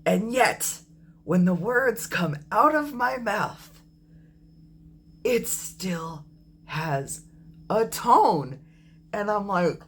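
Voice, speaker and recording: Slow, reflective man in his thirties. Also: high-pitched, expressive, a bit bright, breathy edge. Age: 30s. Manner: reflective and apologetic, with frequent ums and self-corrections. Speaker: vlogger. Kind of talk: candid personal video diary.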